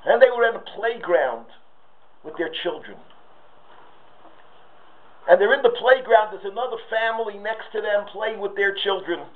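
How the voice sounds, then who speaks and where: A man's voice: high-pitched, expressive, moderate pace, pauses often. A man giving a sermon with stories, rising to impassioned pleas. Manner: storytelling, rises to impassioned pleas. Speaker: rabbi giving a talk. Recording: tinny phone-like audio.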